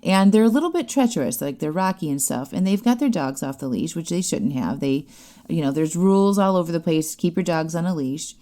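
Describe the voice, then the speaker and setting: Woman podcaster, low voice, mellow tone, casual storytelling, chatty. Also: brisk. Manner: chatty, animated, with frequent fillers and laughs. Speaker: podcast host.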